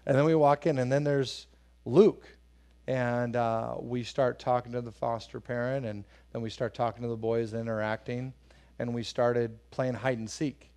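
A man's voice: medium pitch, fairly even intonation, normal speed, a little mellow, smooth. A man preaching a sermon in a conversational way, telling personal stories, acting out voices when he quotes people, and asking the congregation questions. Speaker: pastor.

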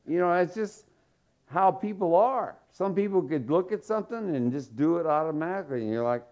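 A middle-aged man preaching a sermon, telling stories and acting out quotes with lively swings. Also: fairly quick. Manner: animated storytelling with acted-out quotes and big pitch swings. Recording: dull lo-fi sound.

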